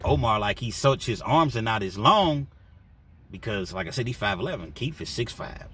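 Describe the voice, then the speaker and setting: A man's voice: lowish voice, moderate pace, husky. A man telling a story in a casual, slangy way, acting out what people said. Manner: animated, slangy, acts out quotes.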